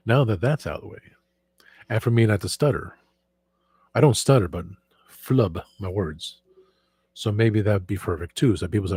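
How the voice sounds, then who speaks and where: Brief: male stream host, low and hoarse, rambling, dry close sound. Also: expressive, normal speed, a little mellow, no room sound. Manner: rambling, with frequent restarts and self-corrections. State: hoarse from a sore throat. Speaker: show host. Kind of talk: casual livestream chat.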